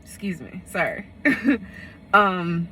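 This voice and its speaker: A woman's voice: lowish voice, big pitch swings, slow, sharp tone, slight background noise. A woman giving a casual tarot reading, rambling and correcting herself as she talks. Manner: rambling, full of fillers and self-corrections. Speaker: tarot reader.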